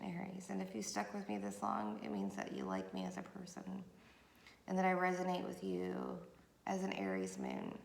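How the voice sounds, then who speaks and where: A woman's voice: medium pitch, gravelly, a little mellow. A woman giving a chatty, rambling tarot reading with many fillers, recorded on a camera mic. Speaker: tarot reader. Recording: echoey room with faint noise.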